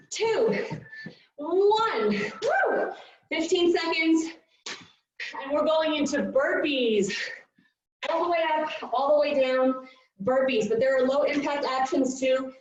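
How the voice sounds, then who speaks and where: Breathless high-voiced woman coaching a workout. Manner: upbeat cueing with countdowns and whoops. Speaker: fitness coach. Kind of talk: live workout instruction. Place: large fitness studio. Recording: echoey, distant, dull studio recording.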